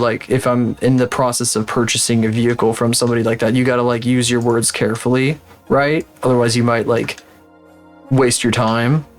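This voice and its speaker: A male streamer rants loosely and swears freely, his voice in a middling pitch. Faint background music plays under him as he works on stream. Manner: profane, ranting, animated. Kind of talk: casual livestream chat while working.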